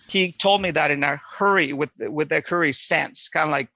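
A man telling a personal story in an earnest, halting way, often repeating words as he goes. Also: fairly high pitch, gravelly, pushed and bright, dry recording, poor audio. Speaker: storyteller giving a personal testimony.

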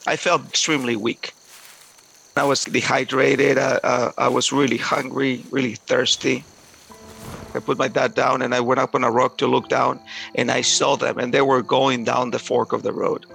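Halting man with a gravelly voice. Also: medium pitch, level tone, fairly bright tone, faint music behind, poor audio. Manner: halting, repeats words and restarts often. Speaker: storyteller. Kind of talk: personal story told aloud.

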